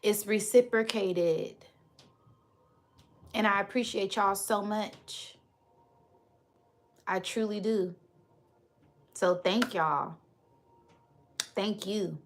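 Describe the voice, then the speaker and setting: A woman's voice: medium pitch, very slow, pauses often. A woman, a spiritual reader on a live stream who preaches affectionately and reads out viewers' comments.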